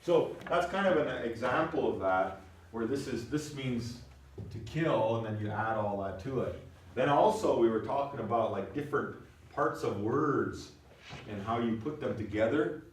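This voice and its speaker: This language teacher speaks in a mid-range, animated voice at normal speed. Explanatory in manner, he goes through words step by step and keeps asking "you know what I mean?" so his students stay with him. There's a bit of background noise, and the echoey classroom sound is distant.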